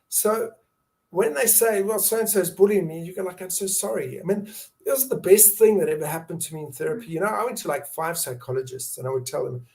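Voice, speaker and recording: A man's voice: a little high, gravelly, a little mellow. A middle-aged man speaking as a guest, telling his story in an earnest, candid conversational way, with many fillers and restarts and bursts of laughter. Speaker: guest, survivor and advocate.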